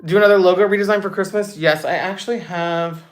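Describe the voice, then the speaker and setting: A woman's voice: on the low side, steady tone, quick pace. Bubbly young woman hosting a live Q&A. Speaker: livestream host. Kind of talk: casual live Q&A, reading chat comments.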